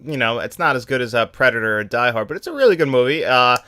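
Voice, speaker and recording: A man co-hosting a film podcast in loose, casual conversation, his voice bright and forward. He gets animated and laughs often, trailing off and circling back mid-sentence. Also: mid-range voice, fast talker. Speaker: podcast co-host.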